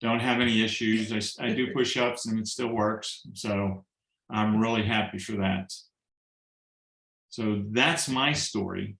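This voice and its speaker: A man's voice: fairly low pitch, measured pace, gravelly, roomy sound, low-quality recording. A man telling a personal story on a video call, acting out the dialogue and joking along the way. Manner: animated storyteller who acts out quoted dialogue and jokes. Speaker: guest sharing a testimonial.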